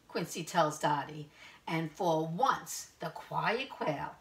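A woman preschool teacher reading a picture book aloud to young children in slow, sing-song teacher talk, asking them questions. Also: low voice, animated, a bit bright.

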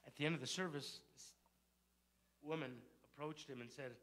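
A man's voice: a little high, normal speed, a bit bright. A male pastor telling a story in a sermon and building to fervent exhortation. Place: church sanctuary.

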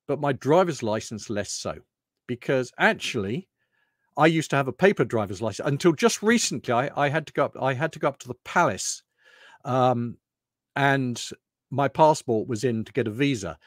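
In clean studio audio with no room sound, a medium-pitched presenter delivers a lunchtime talk. He's a middle-aged Brit from the UK who rambles through anecdotes and often restarts his sentences loosely.

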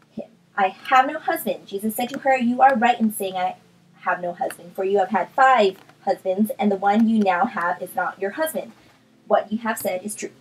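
A woman's voice: medium pitch, slightly rough, poor audio. A woman vlogger chatting casually with lots of ums, then reading a Bible chapter aloud. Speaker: art vlogger. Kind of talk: casual chat and scripture reading.

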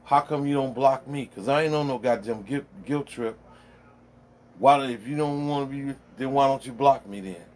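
A man's voice: medium pitch, moderate pace, a little mellow. A middle-aged man rambling bluntly in a casual monologue, full of profanity, recorded at home in his man cave. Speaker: vlogger.

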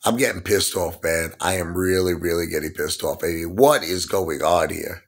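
Exasperated ranting man, lowish voice. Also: normal speed. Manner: exasperated, rhetorical questions, repeats "man". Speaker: online stock vlogger. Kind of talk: ranting vlog monologue.

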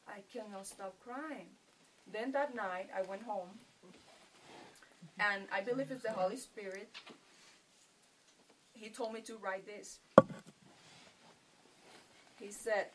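A woman's voice: mid-range voice, takes it slowly, long pauses. A middle-aged woman with a Puerto Rican accent, giving a personal testimony to a retreat group in a storytelling way, often laughing. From Puerto Rico. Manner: storytelling, acting out her own quotes, laughs often. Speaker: retreat participant. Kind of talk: personal testimony in a sharing circle. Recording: distant mic, faint background noise.

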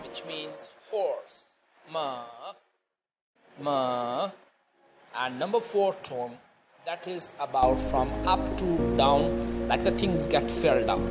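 A man teaching a recorded language lecture, explaining step by step in a deliberate, repetitive way with many pauses. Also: on the high side. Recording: dull lo-fi audio with loud music.

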